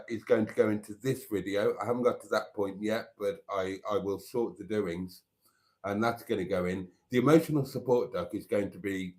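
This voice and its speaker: A man's voice: on the low side, a little mellow. Giggly, delighted male stream host. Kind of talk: casual live stream chat.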